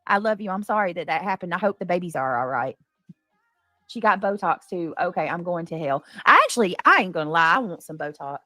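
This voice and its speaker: A woman's voice: lowish voice, expressive, a little fast, bright, forceful tone, no echo, faint music behind. Chatty woman live-streaming. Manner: chatty, effusive, greets viewers from chat. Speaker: livestream commentary host. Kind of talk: casual livestream chat.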